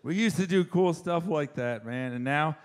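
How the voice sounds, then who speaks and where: A man from Florida doing a stand-up set on a club stage, punchy with shouted bursts. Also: on the high side, moderate pace, noisy background. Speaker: stand-up comedian.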